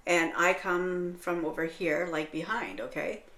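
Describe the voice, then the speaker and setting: A woman's voice: fairly low pitch, unhurried. Profane ranting woman, echoey room. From Canada. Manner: heavily profane animated storytelling, full of "right?". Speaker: co-host. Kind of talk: casual chat.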